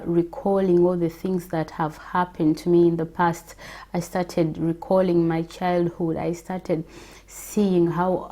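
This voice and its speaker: A woman from Africa gives a personal faith testimony at a very unhurried pace. Her voice is low-set and mellow, and she pauses often with soft fillers as she reflects. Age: adult with children. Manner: slow and reflective, with hesitant fillers.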